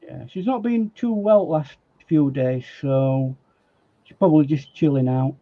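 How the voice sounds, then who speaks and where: A guest artist from Yorkshire, England gives a live watercolor demonstration, joking, rambling, and laughing often as he paints. He has a Yorkshire English accent and a voice on the high side, unhurried, with lo-fi sound.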